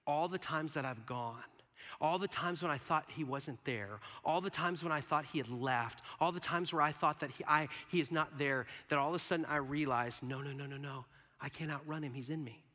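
A man preaching a sermon to a live audience in a large hall. He is animated, swinging from hushed whispers to loud bursts, and laughs often. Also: on the high side, normal speed.

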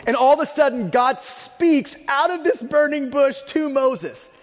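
A pastor delivering a conversational sermon, stumbling and restarting, with bursts of raised emphasis. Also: male voice, extremely high pitch, measured pace, long reverb tail.

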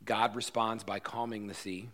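A man's voice: lowish voice, flat delivery, moderate pace, sharp tone. Emphatic conversational male preacher. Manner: emphatic, conversational, acts out quotes. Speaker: pastor. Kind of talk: sermon.

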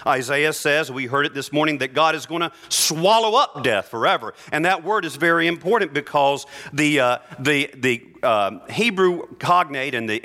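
A middle-aged priest preaching a sermon in church, earnest and heartfelt, sinking soft and low in grief and rising to emphatic declarations. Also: male voice.

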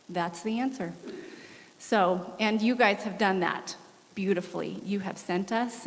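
Woman, 40s, missionary guest, earnest testimony, animated, long hall reverb. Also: fairly low pitch. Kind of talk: candid testimony in an interview.

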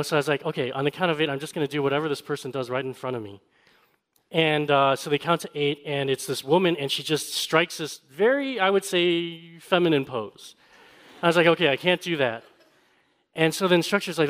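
A man preaching a sermon, moving between raised, emphatic points and quiet, quick personal stories told to the congregation. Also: a little high. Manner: swings from raised, emphatic preaching to quiet, fast conversational storytelling. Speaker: pastor.

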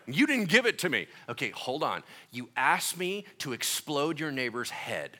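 Casting note: male pastor, young adult, lively sermon delivery, bright forceful tone, swings widely in pitch. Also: normal speed, few pauses. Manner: animated, joking storyteller with voiced asides.

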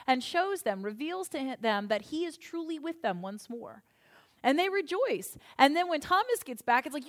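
A woman pastor giving a conversational, animated sermon. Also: high-pitched, moderate pace.

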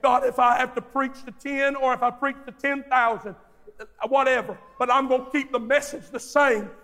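A man preaching a sermon, repeating phrases for emphasis and swinging between soft, intimate prayer and shouted exhortation. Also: very high-pitched, fairly even intonation, moderate pace, long reverb tail.

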